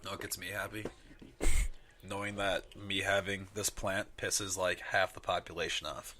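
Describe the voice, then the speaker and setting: A man's voice: low voice, little pitch movement, moderate pace, sharp tone, a little hiss or hum. A young man in casual podcast banter, swearing freely and mimicking people in mocking voices. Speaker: podcast co-host.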